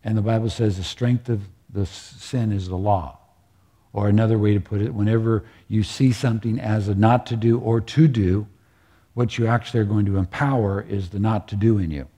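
A man's voice: fairly low pitch, steady tone, normal speed, mellow, slightly rough. A man preaching a sermon in a conversational, earnest way, often checking that his listeners follow him.

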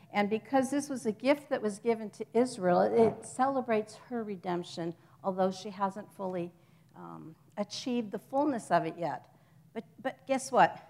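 A woman's voice: a little high, gravelly, darkish tone. A woman giving an informal church teaching to a congregation, chatty and joking with them, stopping to correct herself.

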